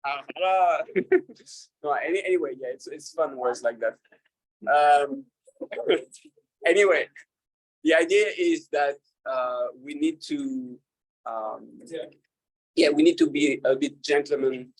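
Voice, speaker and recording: Halting, joking rabbi speaking to a group. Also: male voice, on the high side, rough recording. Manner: halting, with many fillers and restarts; laughs at his own jokes. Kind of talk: casual talk to an audience.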